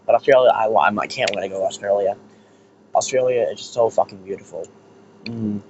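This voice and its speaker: A man's voice: lowish voice, fairly quick, a little mellow. An American man giving a rambling, casual rant as an online commentator, swearing freely. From United States. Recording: muffled lo-fi with faint hiss.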